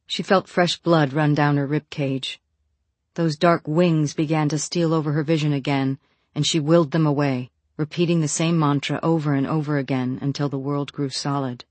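An audiobook narrator reading a novel in an even, measured way. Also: mid-range voice, dry recording.

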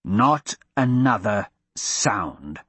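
A gruff, menacing mercenary, voiced by a man, growls short threats in a husky tone. The storybook tough guy sounds hard and unbothered, recorded dry and close. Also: a little high, big pitch swings, moderate pace, a bit bright, no echo, exaggerated voice.

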